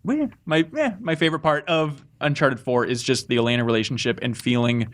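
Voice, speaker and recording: Homem descontraído lendo cartas de ouvintes. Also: male voice, mid-range voice, fairly quick. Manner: reads listener mail, relaxed and chatty. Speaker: podcast host. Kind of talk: casual chat.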